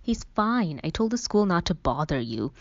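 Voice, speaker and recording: Brisk fretful older sister in a storybook, voiced by the female narrator; clipped, low, dry recording. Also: big pitch swings, dry recording, dull audio. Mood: curt. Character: brisk, worried young woman, big sister.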